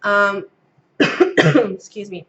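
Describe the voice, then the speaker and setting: A woman's voice: medium pitch, animated, extremely slow, a bit bright, lo-fi sound. A woman in her thirties with an Australian accent, giving a casual pregnancy update to camera, a little out of breath and getting over a cold, chatty with many ums as she reads her notes. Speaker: vlogger.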